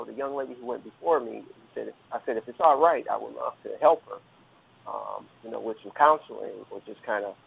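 Guy with a gravelly voice rambling through a story, tinny phone line. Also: mid-range voice. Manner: earnest, rambling with many fillers and restarts. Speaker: guest telling a personal story. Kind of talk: casual storytelling.

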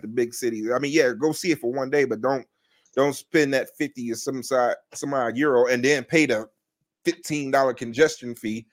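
A man co-hosting a casual talk show, teasing and rambling with fillers. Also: medium pitch. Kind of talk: casual banter.

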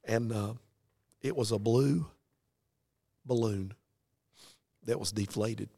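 A middle-aged man tells a story from his own life in an earnest, folksy preaching style. His low voice has a gravelly grain. The recording is close and dry, with no room sound. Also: slow pace, warm tone, no echo. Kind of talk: dramatic storytelling testimony.

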